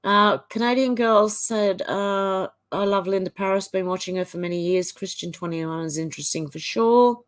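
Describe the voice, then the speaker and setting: A middle-aged Australian woman hosting a live stream, chatting casually and reading viewer comments aloud in a quick running voice. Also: mid-range voice.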